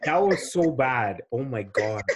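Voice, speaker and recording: A man's voice: mid-range voice, animated, unhurried, muffled recording, over a noisy crowd. A man who is a podcast guest, protesting playfully and demanding another turn. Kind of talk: casual panel chat.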